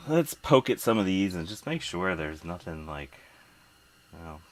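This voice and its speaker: Super deep voiced guy from south jersey, chatty streamer reading comments while he fixes stuff. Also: slight background noise. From South Jersey / Philadelphia. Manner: chatty, reads viewer comments, muttering while working. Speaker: host repairing vintage computer. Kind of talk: casual live-stream chat while working.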